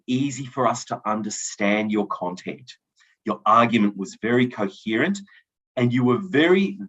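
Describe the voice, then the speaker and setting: A man's voice: lowish voice, fairly bright tone. Man giving encouraging debate feedback. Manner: encouraging, with frequent ums and restarts. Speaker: debate adjudicator. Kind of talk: spoken feedback and results announcement. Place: event hall. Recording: dull lo-fi recording.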